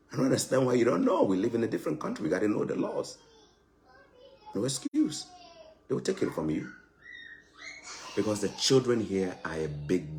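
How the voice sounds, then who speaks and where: A man's voice: on the low side, slight background noise. A Ghanaian man with a Ghanaian English and Pidgin accent, chatting animatedly to camera and mixing in Pidgin. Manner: animated, mixes in Pidgin, laughs often. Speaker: vlogger. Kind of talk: casual chat to camera.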